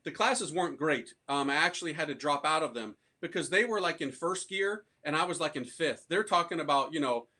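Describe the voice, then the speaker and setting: Bright, forceful American priest telling his story. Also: on the high side, brisk, few pauses. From United States. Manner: casual, slangy, animated storytelling. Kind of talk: conversion testimony talk to an audience.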